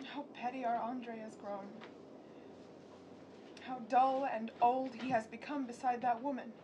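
A woman's voice: sits high, noisy background, close to an everyday voice. An actress in her twenties playing a despairing young woman, the youngest sister, on stage with tearful outbursts. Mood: bitter, distraught. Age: 20s. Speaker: stage actor. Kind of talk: live stage acting.

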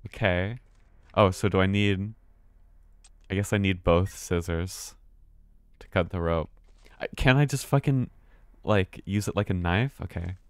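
A man's voice: low voice, unhurried, pauses often, clean tone, no echo. An American man giving live, chatty commentary while streaming a horror game, often restarting words and swearing casually. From United States.

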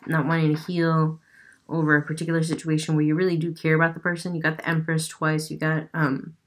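A woman giving a casual tarot reading with an unusual accent, chatty and loose, swearing now and then. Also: deep voice. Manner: chatty, swears, laughs at herself. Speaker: tarot reader.

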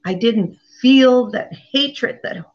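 A woman guest giving an earnest personal testimony, halting and often repeating her words. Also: on the high side. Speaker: interview guest. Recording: slightly dull lo-fi audio.

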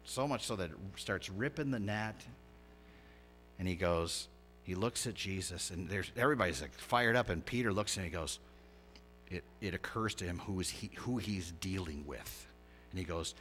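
A pastor delivering a conversational, animated sermon, swinging from hushed asides to loud emphatic lines. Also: male voice, fairly low pitch, moderate pace, faint music behind. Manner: lively, conversational preaching with big swings in loudness.

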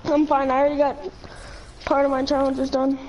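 A young woman chatting casually with a friend while playing a shooter game, making quick remarks on the match. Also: high voice, completely flat delivery, muffled recording, noisy background. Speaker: gamer friend on stream. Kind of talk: casual gameplay chat.

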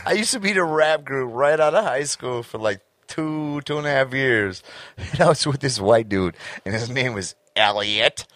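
A man's voice: mid-range voice, lively intonation, moderate pace, fairly bright tone, no room sound. A young man co-hosting a podcast in crude casual banter, laughing often and swearing, with a slight slur. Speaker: podcast co-host.

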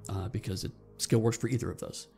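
A man's voice: on the low side, fairly even intonation, quick pace, creaky, a little mellow, faint music behind. A man running a tabletop game as game master, narrating scenes and calling for rolls in a rambling way with frequent restarts.

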